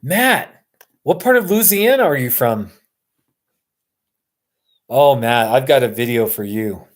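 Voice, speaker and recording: Brief: man hosting a laid-back live stream, slow and meandering, reacting to viewer questions. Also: medium pitch, lively intonation. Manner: rambling, answers viewers' comments. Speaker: livestream host. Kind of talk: casual livestream chat.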